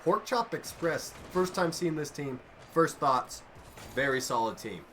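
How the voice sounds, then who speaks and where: A man casting a video game match live, excitable and jokey, often trailing off mid-sentence. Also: a little high, measured pace, slight background noise. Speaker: esports caster. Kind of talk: live play-by-play commentary.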